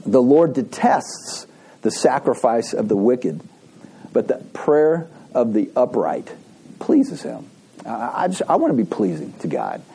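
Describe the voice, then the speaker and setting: A pastor giving a conversational sermon, telling folksy stories with frequent restarts and asides. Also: male voice, mid-range voice, huge pitch swings, unhurried, creaky, warm tone, a little hiss or hum. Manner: folksy storytelling with laughs and restarts.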